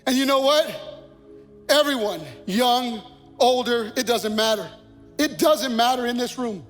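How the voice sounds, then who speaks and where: Pastor, male, very high voice, slow and impassioned sermon delivery, hall reverb. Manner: impassioned, building to shouted peaks. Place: church sanctuary. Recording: long reverb of a church hall, faint music.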